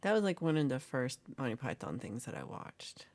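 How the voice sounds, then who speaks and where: Low, lively-voiced woman livestream host. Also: brisk. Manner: playful, reads and answers chat comments aloud; jokey and teasing. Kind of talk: casual live chat with viewers.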